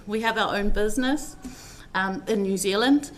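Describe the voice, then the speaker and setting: A woman's voice: mid-range voice, moderate pace, slight background noise. A woman telling personal stories in a heartfelt, rambling eulogy, with many fillers as she speaks. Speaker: family member giving a tribute at a funeral service.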